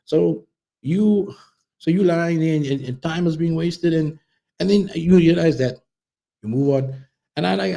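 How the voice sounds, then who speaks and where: A man's voice: on the high side, moderate pace, gravelly, mellow. A man, talking in a rambling, profane casual monologue full of restarts. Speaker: vlogger.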